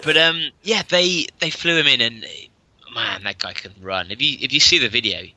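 A man co-hosting a casual podcast from his bedroom, telling stories with lively mimicry. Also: normal speed. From England. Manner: animated storyteller, mimics people with big pitch jumps. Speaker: podcast co-host. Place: bedroom at home.

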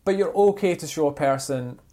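A podcast co-host telling a rambling story in casual chat, with sound effects and quick restarts. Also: mid-range voice, dark tone.

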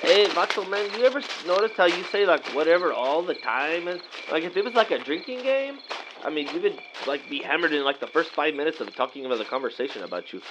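A man's voice: on the high side, lively intonation, quick pace, background noise, natural voice. A man doing a rambling vato. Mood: laid-back. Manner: rambling, drawled, slangy, peppered with "man" and "vato". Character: laid-back Mexican-American guy trick-or-treating with buddies.

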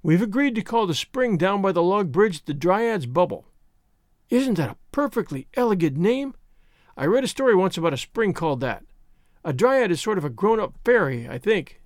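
A man's voice: sits high, sing-song, normal speed, dry recording, clean studio sound. A man doing a gushing, eager young girl. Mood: excited chatter. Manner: gushing, breathless enthusiasm. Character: chatty imaginative orphan girl, about eleven.

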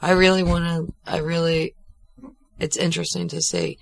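A man's voice: fairly high pitch, sing-song, moderate pace. A man in a casual podcast chat, talking loosely with lots of "like" fillers. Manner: casual, filler-heavy, curious.

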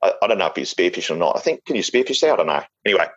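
Deep-voiced Australian man telling yarns. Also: sing-song, rapid-fire, muffled recording. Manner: rambling, jokey, many fillers and restarts. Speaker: interviewee. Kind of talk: casual storytelling.

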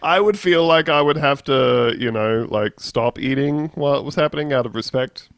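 A man's voice: medium pitch, moderate pace, creaky, no echo. A man in a casual podcast chat, joking and laughing.

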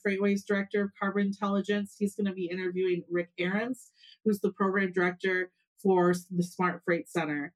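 Podcast host lady, upbeat and chatty, lots of ums, mid pitch voice. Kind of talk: casual promotional chat and interviewing.

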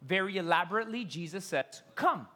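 A pastor preaching a sermon in a casual, joking way, with many fillers, acted-out quotes and sudden swings between loud highs and hushed lows. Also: sing-song, normal speed.

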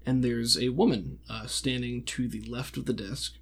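Man, game master, casual narration, mid-pitched voice, descriptive, filler words. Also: normal speed. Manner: descriptive, relaxed, many fillers.

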